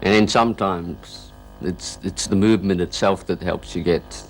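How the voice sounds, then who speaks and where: A rock guitarist talking casually in an interview, rambling and filling gaps with "you know", now and then chuckling. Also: male voice, sits low, fairly even intonation, normal speed, soft background music. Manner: chuckles while telling stories.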